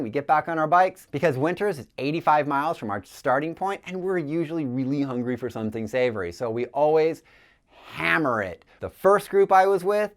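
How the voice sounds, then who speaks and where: A man hosting a cycling channel, telling the story of a group ride in a lively, enthusiastic way. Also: on the high side. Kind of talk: storytelling voice-over.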